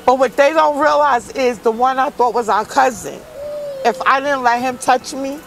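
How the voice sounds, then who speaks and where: A woman's voice: sits high, moderate pace, vocal fry, a little hiss or hum, poor audio. A woman from Brooklyn, a guest in an interview, tells her own hard life story candidly and emotionally in blunt street-style speech. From Brooklyn, New York. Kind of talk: personal testimony in an interview.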